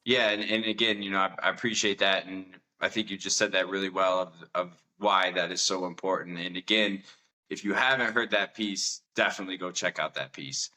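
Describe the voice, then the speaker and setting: Bright-voiced low male host. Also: steady tone, fairly quick, low-quality recording. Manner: affirming, rambling questions with fillers. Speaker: interview host. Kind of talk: interview conversation.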